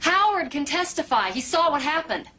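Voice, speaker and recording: A woman's voice: mid-range voice, animated, brisk, slight background noise, natural voice. An actress playing a tough, principled female police officer who speaks in firm, clipped replies. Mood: tense. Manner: firm, clipped, resists pressure. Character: tough young female cop, principled and guarded. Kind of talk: TV movie acting.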